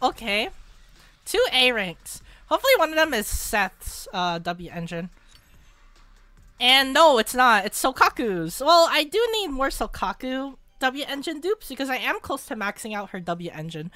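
A woman hosting a casual gaming video, commenting on her pulls and breaking into shrieking, repeated exclamations when excited. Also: high-pitched, unhurried, no room sound, soft background music. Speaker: gaming channel host. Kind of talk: casual gacha pull commentary.

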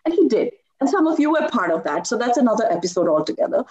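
Animated woman telling devotional stories. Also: fairly high pitch, fast, highs cut off. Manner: animated storytelling with frequent laughs. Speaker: devotee sharing testimony. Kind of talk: personal testimony talk.

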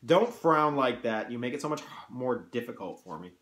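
A man's voice: mid-range voice, animated, normal speed, fairly bright tone, natural voice. A man reading aloud, voicing a grave, serious male painter who pleads earnestly with his friend, in a room with some echo. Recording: roomy echo.

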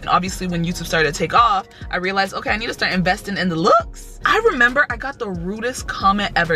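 A young woman, chatting excitedly in a casual vlog and laughing often. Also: medium pitch. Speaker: vlogger.

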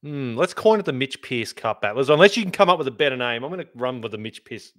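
A man's voice: mid-range voice, animated, fast talker, hardly any pauses, a bit bright, no room sound, clean studio sound. A man co-hosting a sports podcast, talking in a laid-back, mumbly way and swearing casually. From Australia. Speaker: podcast co-host.

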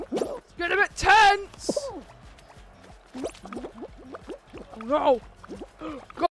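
A woman's voice: very high-pitched, exaggerated voice. Woman voicing a hot-tempered cartoon sore loser. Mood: furious. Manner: yelling, quick to rage at losing. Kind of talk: fan voice role-play over gameplay.

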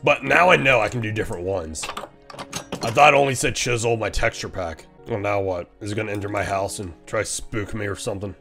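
A man streaming a game, giving casual, excitable commentary, laughing often and teasing other players. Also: fairly low pitch, fairly quick, gravelly, soft background music.

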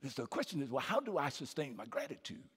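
A male pastor preaching live, his husky, gravelly voice climbing high and swinging widely. He calls out to the congregation and repeats his phrases for emphasis. The sound carries a long reverb from a church hall. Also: sing-song, fast talker. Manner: preaching with call-and-response, building to shouted peaks. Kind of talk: live sermon.

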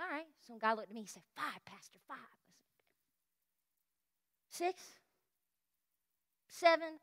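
High bright-voiced woman preaching. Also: a little slow, pauses often. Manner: animated storytelling sermon, exclamations, sings snippets. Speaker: pastor. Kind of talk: sermon. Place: church sanctuary.

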